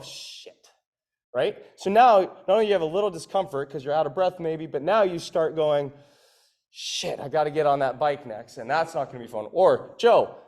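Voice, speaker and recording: A man's voice: fairly high pitch, darkish tone. Casual, swearing man coaching a gym class. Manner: conversational, swears casually, acts out inner voices.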